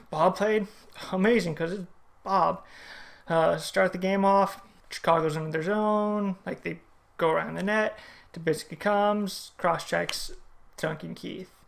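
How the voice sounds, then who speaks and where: Fan-reaction vlogger: very gravelly voice, casual play-by-play recap with strong opinions. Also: medium pitch. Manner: play-by-play retelling, opinionated and chatty. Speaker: hockey fan reviewing a game. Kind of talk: casual game recap vlog.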